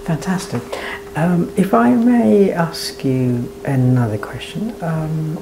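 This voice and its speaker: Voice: medium pitch, mellow. An interviewer asking polite, formally worded questions. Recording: echoey room with faint noise.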